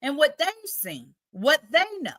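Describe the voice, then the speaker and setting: Bright-voiced woman hosting a livestream. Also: sits high, sing-song, unhurried. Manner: chatty, reads viewer comments aloud, playful. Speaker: livestream host. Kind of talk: casual livestream chat.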